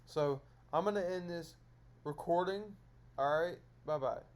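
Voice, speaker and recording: A man's voice: fairly high pitch, unhurried. A man lecturing his viewers in a solo stream monologue, scolding them over and over in repetitive phrases.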